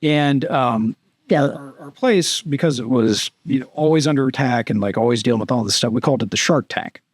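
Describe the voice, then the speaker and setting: A retired US army captain, appearing as a guest on a casual podcast, tells long, rambling war anecdotes padded with fillers like "too" and "and everything." He speaks briskly at medium pitch, in studio-quality sound with no room noise.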